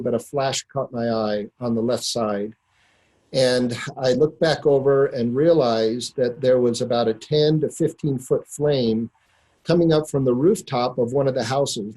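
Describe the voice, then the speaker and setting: A middle-aged man recounting a personal story to a listener, earnest and unhurried, with many pauses and fillers. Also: mid-range voice, mellow, rough recording. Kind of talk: personal anecdote told to a listener.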